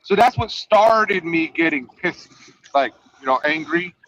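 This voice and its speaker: A man with a high voice hosts a loose, swearing chat about trucking, rambling and ribbing the people he talks with. The audio sounds dull and lo-fi. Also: animated, a little slow, a bit bright. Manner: profane, rambling, teasing. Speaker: trucker and podcast host. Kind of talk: casual chat.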